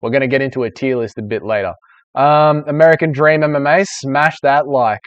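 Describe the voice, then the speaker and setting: A man's voice: medium pitch, steady tone, fairly quick, no echo, muffled recording. A young man hosting a casual live-stream Q&A, chatty and rambling, swearing freely. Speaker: streamer host.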